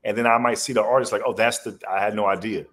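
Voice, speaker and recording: A man's voice: lowish voice, fairly even intonation, fast talker, fairly bright tone. A man guest on a podcast, telling rambling stories in a loose, slangy way. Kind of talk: casual storytelling interview.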